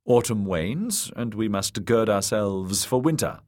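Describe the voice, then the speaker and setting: A man's voice: lowish voice, expressive, unhurried, darkish tone, voice pushed up. A man voicing a cautious, diplomatic older noblewoman. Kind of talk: audiobook character voice.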